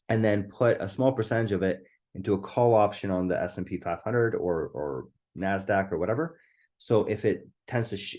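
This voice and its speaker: Hoarse, eager man presenting a webinar. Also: lowish voice, warm tone. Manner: enthusiastic, keeps asking "right?". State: voice going hoarse.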